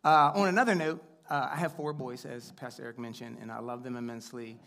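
A man in his thirties, a guest preacher, speaks from a church stage to the congregation in the sanctuary. His mid-range voice is steady, fairly bright and quick, with vocal fry. His sermon is chatty and upbeat, full of casual stories, fillers and asides to the crowd.

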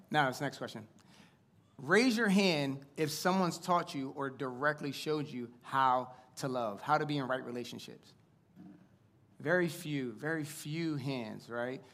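A man's voice: a little high, fairly bright tone. A man in his thirties giving a sermon on a church stage, chatty and upbeat, telling stories with plenty of fillers and asides to the crowd. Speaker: guest preacher. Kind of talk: sermon with casual storytelling. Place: church sanctuary before a congregation.

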